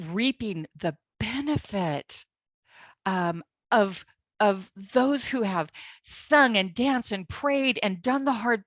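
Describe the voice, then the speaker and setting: A woman's voice: medium pitch, dry recording, studio quality. A woman co-hosting a casual Bible study chat, affirming her partner and chiming in often. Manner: warm, affirming, chimes in often.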